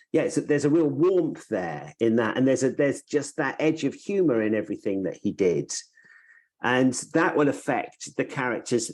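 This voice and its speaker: A man's voice: mid-range voice, darkish tone. Thoughtful rambling man podcast host. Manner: thoughtful, meandering, restarts sentences. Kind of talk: casual podcast chat.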